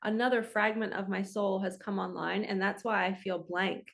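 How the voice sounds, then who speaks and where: A woman with a creaky, slightly bright mid-range voice speaks at a moderate pace with fairly even intonation. As a spiritual coach on her own channel, she talks to camera in a casual, earnest, reflective way, using lots of fillers.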